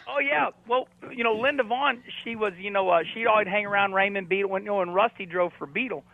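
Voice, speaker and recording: Brief: high, gravelly male guest, rambling and jokey, heard over a tinny phone line. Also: quick pace, no room sound. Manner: rambling, jokey, lots of "you know". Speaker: race car driver guest. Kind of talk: casual phone-in chat.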